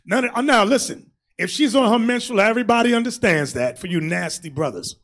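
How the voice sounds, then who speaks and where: Bishop guy preaching loud and jokey, real high husky voice jumping all over the place. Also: brisk. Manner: animated, shouting and mocking, acting out quotes. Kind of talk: loose, comic preaching to a congregation.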